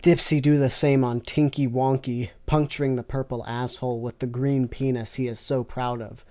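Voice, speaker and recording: Very low-voiced woman, deadpan reading. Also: moderate pace. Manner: deadpan, sarcastic asides. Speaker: fanfiction reader. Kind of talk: comic reading with reactions.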